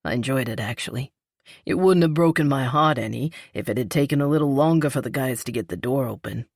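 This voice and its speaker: A woman narrator voicing a veteran male firefighter in a romance audiobook, friendly and low-key. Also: fairly quick, a little mellow, breathy edge, no room sound, studio quality, heavily acted. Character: man, veteran firefighter, easygoing and earnest. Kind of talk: audiobook character reading.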